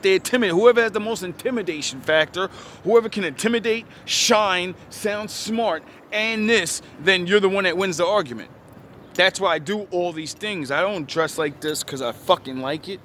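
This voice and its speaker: Recorded outside near a noisy street, this young man's high, slightly bright voice carries a preachy motivational rant. The video creator is blunt and swears a lot.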